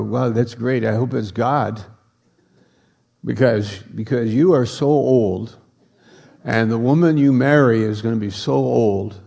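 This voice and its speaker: A man preaching a sermon, slow and emphatic, repeating key words for effect. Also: mid-range voice, vocal fry, mellow, breathy edge.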